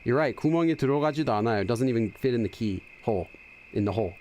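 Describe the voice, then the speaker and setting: Fast-talking gaming host, chatty. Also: male voice, medium pitch, animated, darkish tone, slight background noise. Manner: chatty, translates and explains as he goes. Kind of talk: casual let's-play commentary.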